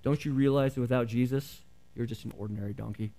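A man voicing a patient, gentle mother donkey in a sermon story. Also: medium pitch, quick pace, lightly acted. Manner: gentle, calm.

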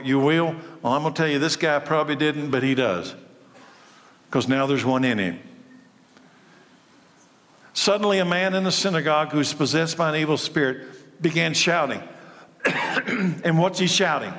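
A man's voice: a little high, moderate pace, long pauses, a bit bright, big-room sound. A man preaching a sermon as pastor, speaking emphatically and repeating his key phrases for weight.

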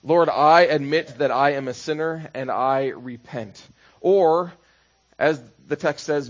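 A man's voice: a little high, slow, lo-fi sound. A man preaching a sermon as pastor, conversational, building into rhythmic repeated phrases.

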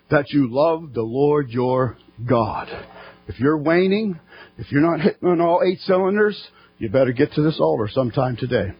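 A high, husky-voiced man preaches a fervent church sermon, building to shouting at the peaks. The recording is dull and lo-fi.

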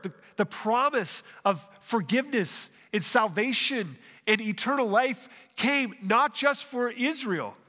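With a very high-pitched, fairly bright voice echoing like a big room, a man preaches as a pastor. He moves through a passage verse by verse, repeatedly restarting phrases and posing questions to the congregation.

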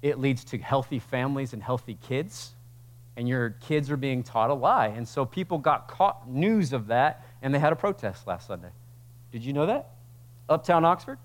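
Male pastor, mid-pitched voice, talky sermon delivery that climbs into loud, slowed passages. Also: expressive. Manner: conversational preaching that swells into loud, slow emphatic passages. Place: church sanctuary.

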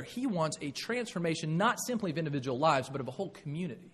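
A man's voice: fairly high pitch, lively intonation, quick pace, few pauses, slightly rough. A middle-aged man, preaching a folksy, conversational sermon full of rhetorical questions. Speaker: pastor.

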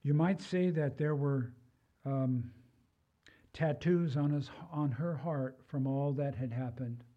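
A man's voice: medium pitch, takes it slowly, lo-fi sound. An older man preaching a sermon in a conversational way, with personal asides. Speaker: pastor.

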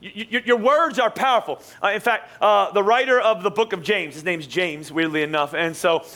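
A man preaching a live sermon as pastor in a church, jokey and energetic, teasing his congregation. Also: high voice, moderate pace. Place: church auditorium.

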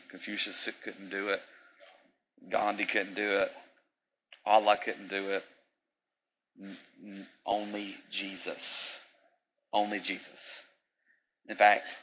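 A man's voice: lowish voice, steady tone, measured pace, pushed and bright, a little hiss or hum, low-quality recording. A male pastor preaching a sermon in an emphatic, repetitive style with conversational asides.

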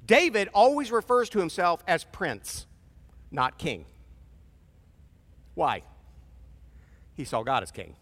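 Man, pastor, animated sermon, fairly high voice, lively swings, reverberant hall. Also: slow, long pauses. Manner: animated, conversational preaching with acted-out voices. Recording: long reverb of a large hall.

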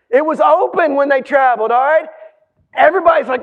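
A man in his forties preaching a sermon, telling a story dramatically, swinging from hushed tones to shouts and stumbling over restarts when excited. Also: extremely high pitch, quick pace. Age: 40s. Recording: dull lo-fi sound.

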